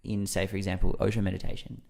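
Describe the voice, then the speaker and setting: A man with a low voice talks in a relaxed, conversational way as a podcast guest, with a gravelly edge to his voice. He rambles a little and fills pauses often. He acts out his own reactions while he tells a story. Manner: loose and rambling with many fillers.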